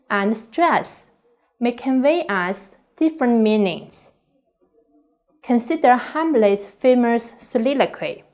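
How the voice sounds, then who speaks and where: Slow, careful higher-pitched woman lecturing. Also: a little mellow. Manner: slow, deliberate, carefully enunciated. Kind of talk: scripted online course lecture.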